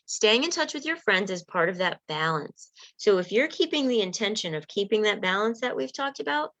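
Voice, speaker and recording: A woman's voice: mid-range voice, a bit bright, dry recording. Female life coach, encouraging workshop delivery, dull dry recording. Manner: earnest, conversational, encouraging. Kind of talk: teaching a self-help workshop. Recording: slightly muffled, dull sound.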